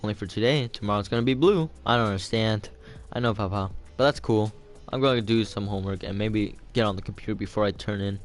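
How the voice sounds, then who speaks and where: A man's voice: on the low side, fast talker, faint music behind. A man reading a novel aloud for homework, casual and loose, stopping to add his own comments. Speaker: reader of a novel.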